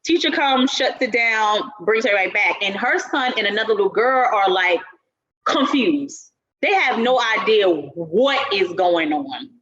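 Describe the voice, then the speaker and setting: A woman co-hosting a podcast in casual chat, telling a story with lively acted-out quotes. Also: medium pitch, unhurried, highs cut off. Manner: animated storyteller who acts out quotes. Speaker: podcast co-host.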